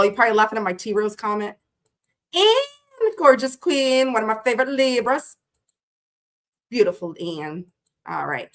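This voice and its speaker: A woman's voice: medium pitch, fairly bright tone. A woman hosting a tarot livestream, greeting her chat viewers one by one in a chatty, playful way that swears freely, and she sounds tired.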